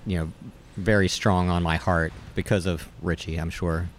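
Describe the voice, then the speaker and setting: Middle-aged man, low voice, loose rambling storyteller, slight background hiss. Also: steady tone, normal speed. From West Virginia. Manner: rambling storyteller with many fillers and restarts. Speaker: brewer and guest. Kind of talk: casual conversation.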